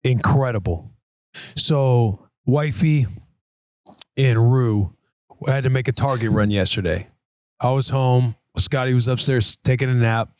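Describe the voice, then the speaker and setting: A man in his thirties hosting a casual podcast, telling stories with lively voiced quotes. His voice sits at a middle pitch. The studio sound is dry and close. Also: a little slow, dry recording. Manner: animated storytelling with voiced quotes. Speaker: podcast host. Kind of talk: casual chat.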